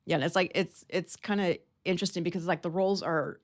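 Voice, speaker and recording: A woman's voice: on the low side, steady tone, quick pace. A woman guest on a talk show, chatting casually and telling rambling anecdotes with plenty of fillers. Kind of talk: casual chat, storytelling.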